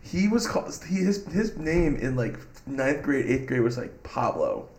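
A young man co-hosting a podcast who is excitable and keeps jumping in with slang. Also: mid-range voice, a little slow, echoey room. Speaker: podcast co-host. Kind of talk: casual chat.

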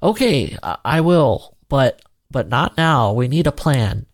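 A man's voice: medium pitch, lively intonation, slow, pitched above the performer's own voice. A man voicing an earnest, kind-hearted young man who stammers and apologizes. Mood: eager.

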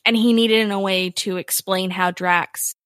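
Bright animated woman podcaster. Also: mid-range voice, a little slow, no room sound, studio quality. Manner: animated, laughing storyteller. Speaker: lawyer podcast co-host. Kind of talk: casual chat.

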